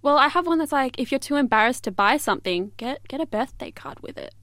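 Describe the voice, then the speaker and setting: A young woman with a notably high voice chats casually, rambling through stories with lots of "like" and "um". She laughs easily and restarts her sentences. The sound is close and dry, with no room around it. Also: lively intonation, fast talker, fairly bright tone, dry recording. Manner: giggly, rambling, lots of fillers. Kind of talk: casual chat.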